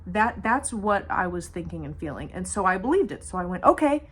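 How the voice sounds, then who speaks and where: A woman's voice: fairly low pitch, lively intonation, fairly quick, breathy edge. Woman telling a story with nervous humor. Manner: slips in humor and nervous laughs while telling a hard story; rambling, many fillers and restarts. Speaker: vlogger. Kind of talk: casual storytime monologue.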